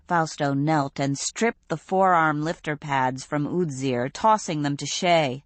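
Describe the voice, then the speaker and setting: Slow, measured woman audiobook narrator. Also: low voice, no room sound. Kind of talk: scripted narration.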